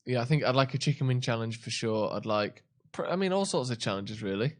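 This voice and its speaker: A man's voice: mid-range voice, brisk. A man co-hosting a live football watchalong in casual chat, rambling and joking as he hunts for words. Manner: rambling, jokey, searches for words. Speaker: watchalong co-host.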